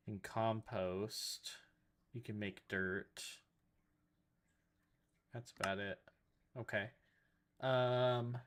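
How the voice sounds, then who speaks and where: Male streamer, lower voice, mumbling through crafting lookups and chatting to viewers. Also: fairly bright tone. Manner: muttering to himself while looking things up; addresses chat. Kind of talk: casual gameplay commentary.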